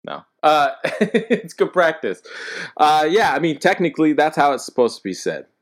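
A man's voice: on the high side, sing-song, moderate pace. A man co-hosting a podcast, easygoing, laughing and explaining things in casual banter. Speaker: podcast co-host.

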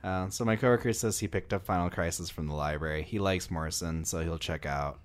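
A man's voice: sits low, a little fast. A young adult man hosting a podcast in casual, joking chat with friends, often trailing off mid-thought. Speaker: podcast host.

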